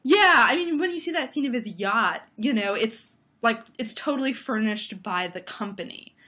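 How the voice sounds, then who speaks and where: A woman's voice: fairly high pitch, expressive, moderate pace, sharp tone. A woman film critic talking through her views on movies in a thoughtful, analytical way, with many fillers, over a remote call. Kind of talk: casual conversation about movies.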